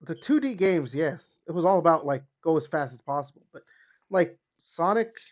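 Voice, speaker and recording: A man's voice: animated, moderate pace. Chatty man with a slightly dull sound. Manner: chatty, hedging with fillers, rises and drops in pitch. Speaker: podcast host. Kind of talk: casual chat.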